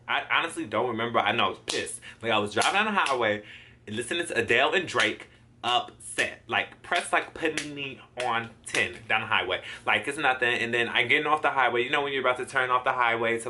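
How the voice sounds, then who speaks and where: A man's voice: mid-range voice, pushed and bright, a little hiss or hum. A man in his twenties vlogging a storytime, acting out his own reactions and swearing freely. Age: 20s. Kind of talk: storytime vlog.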